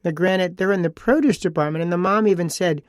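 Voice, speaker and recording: A man's voice: high-pitched, a little fast, dry recording, clean studio sound. A man hosting a casual solo podcast. He talks in a chatty, rambling way, repeating phrases and adding asides. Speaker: podcast host.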